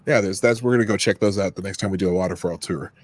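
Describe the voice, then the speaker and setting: A man's voice: sits low, racing. A man from Minnesota chatting casually on a stream in an easygoing, teasing way. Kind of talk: casual chat.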